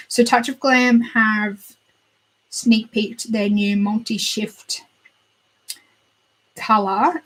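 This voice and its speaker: A woman's voice: fairly high pitch, breathy edge, poor audio. A young woman hosting a beauty channel, chatting casually and gushing over new makeup as she browses and thinks aloud. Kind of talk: casual chat.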